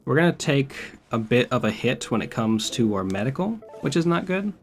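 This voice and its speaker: A man's voice: mid-range voice, very animated, normal speed, soft background music. A man streaming a video game, talking casually with wry, profane remarks. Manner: profane, wry and laid-back. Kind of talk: casual gameplay commentary.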